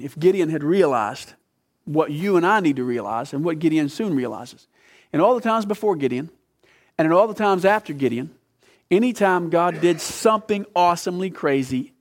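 Pastor guy preaching, kinda high voice, climbs way up quoting scripture then drops low and quiet. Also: gravelly. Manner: earnest, voice climbing high when quoting, dropping low to drive points home. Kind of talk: sermon.

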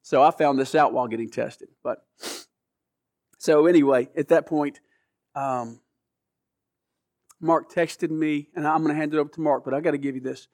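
A man's voice: on the high side, fairly even intonation, normal speed, pauses often, a little mellow, no echo. Earnest middle-aged man, dry close sound. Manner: earnest, emotional, stumbling restarts. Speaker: guest telling his story. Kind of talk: personal testimony.

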